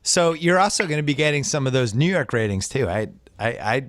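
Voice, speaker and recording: A man hosting a podcast, chatting casually about sports and trading quick jokes. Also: mid-range voice, lively intonation, a bit bright, no echo. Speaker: podcast host.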